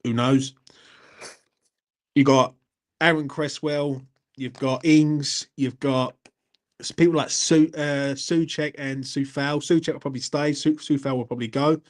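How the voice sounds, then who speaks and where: A man's voice: a little high, steady tone, unhurried. Rambling matey man on a live stream. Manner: rambling and matey, swears, keeps asking "you know what I mean". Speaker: fan channel host. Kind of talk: casual live-stream chat, answering viewers' comments.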